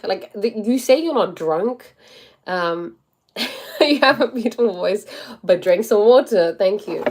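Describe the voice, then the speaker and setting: Young woman, stuffy nose, loose and chatty livestream host, middle-pitched voice. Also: darkish tone. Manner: chatty, many likes and quick acted-out quotes. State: blocked nose. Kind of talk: casual livestream chat.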